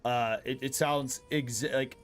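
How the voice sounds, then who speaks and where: A man's voice: medium pitch, steady tone, unhurried. A man chatting casually as a guest on a co-op gaming stream, easygoing and hedging as he talks.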